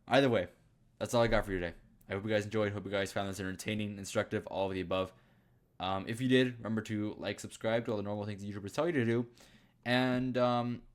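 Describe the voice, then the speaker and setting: Rambling man commentating his chess games. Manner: rambling, laughing at himself, many fillers; voice jumps high when incredulous. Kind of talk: casual game commentary.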